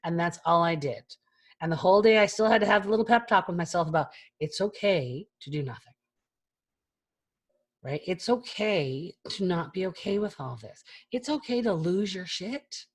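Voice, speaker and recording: A woman's voice: on the low side, lively intonation, normal speed. Frank, chatty woman speaking on a video call. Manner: frank, chatty, swears casually. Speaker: keynote speaker. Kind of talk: candid talk to an online audience.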